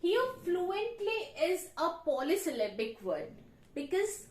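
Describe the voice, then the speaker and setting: A woman English teacher with an Indian English accent, explaining grammar slowly at a board and repeating her examples. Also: very high-pitched, very animated, a little mellow, roomy sound. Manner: explains slowly, repeats examples, frequent "you know" and "okay". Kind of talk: classroom grammar lesson. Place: classroom with a board.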